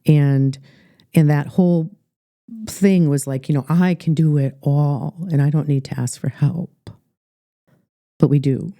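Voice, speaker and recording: A middle-aged woman with an Upper Midwest American accent, a life coach telling her story earnestly in a podcast interview, halting with many fillers. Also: low voice, steady tone, mellow, no room sound, studio quality.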